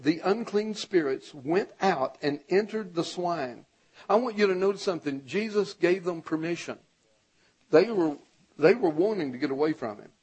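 A male pastor preaching a sermon, reading scripture aloud and urging the congregation, his voice rising to a shout when he exhorts them. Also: fairly high pitch, breathy edge, rough recording.

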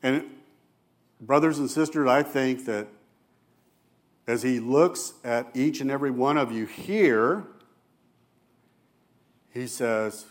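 A man's voice: slow, pauses often. Earnest man preaching a sermon. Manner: earnest preaching, drops soft and low for Jesus's quoted words. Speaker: elder preaching.

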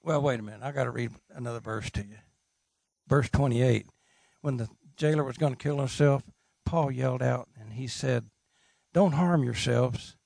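A middle-aged man preaching a sermon, animated and humorous, asking his listeners questions. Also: medium pitch, moderate pace, vocal fry, dry recording. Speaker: pastor.

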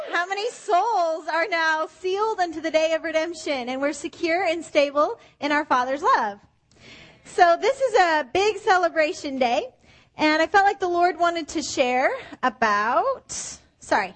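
A woman preacher giving an animated sermon who acts out the voices of the people she quotes. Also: extremely high pitch, a little slow.

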